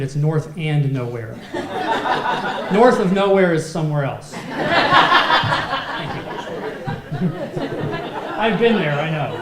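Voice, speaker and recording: A man's voice: on the high side, reverberant. A man emceeing a film festival awards dinner, presenting the prizes with light jokes and easy laughs. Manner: light joking, laughs between lines. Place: dinner event hall.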